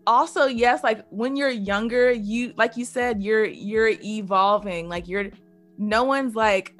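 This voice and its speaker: A woman's voice: fairly high pitch, unhurried, faint music behind. A woman hosting a casual chat, enthusiastic and using many "like" fillers. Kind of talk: casual podcast conversation.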